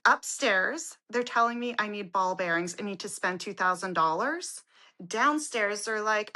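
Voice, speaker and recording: A woman's voice: mid-range voice, animated, moderate pace, pushed and bright. A woman co-hosting a casual podcast chat, telling stories with animation and acting out the people in them. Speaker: podcast co-host.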